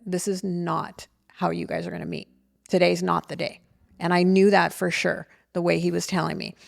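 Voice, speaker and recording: A woman's voice: fairly low pitch, gravelly, no room sound, studio quality. A middle-aged woman and mother, talking in an earnest, reflective way on a casual podcast. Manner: earnest, reflective, faith-centered. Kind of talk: casual heartfelt conversation.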